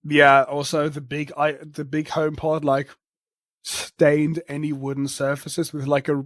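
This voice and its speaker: A man with a somewhat high voice co-hosts a casual podcast, laughing often and swearing freely. Between the banter he reads news items aloud. The sound is dry and close, with no room echo. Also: completely flat delivery, a little slow. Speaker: podcast co-host.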